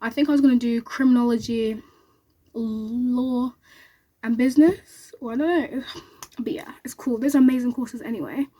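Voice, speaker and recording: A young woman, vlogging to camera and telling an excited story in a rapid, animated way, acting out what others said. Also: on the high side. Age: young adult.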